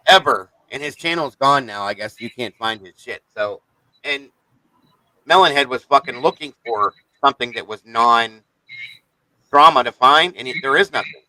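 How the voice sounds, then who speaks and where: A man's voice: medium pitch, moderate pace, sharp tone, dry recording, low-quality recording. A man hosting a live stream, ranting in an irritated, profane, rambling way to his viewers. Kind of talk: casual live-stream rant.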